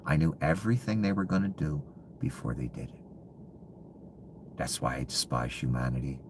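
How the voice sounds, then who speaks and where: Man, extremely deep voice, bitter contemptuous rant, swears, drops to hushed mutters, faint background hiss. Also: expressive, normal speed. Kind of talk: ranting monologue.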